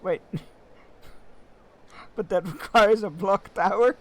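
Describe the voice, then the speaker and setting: Chatty man with a high voice. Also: slow pace, fairly bright tone. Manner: chatty, musing, with fillers and chuckles. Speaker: streamer. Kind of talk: casual gameplay commentary.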